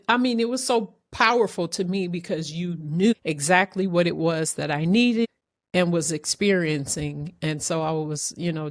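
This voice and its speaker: Animated woman podcast host. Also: lowish voice, no room sound, clean studio sound. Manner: animated, emotional storytelling; rambling with many restarts. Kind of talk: casual interview chat.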